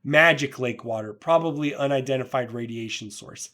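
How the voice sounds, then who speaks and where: Male comic reader and commentator, casual, halting asides, mid-pitched voice. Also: pushed and bright. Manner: stumbling, filler-heavy asides.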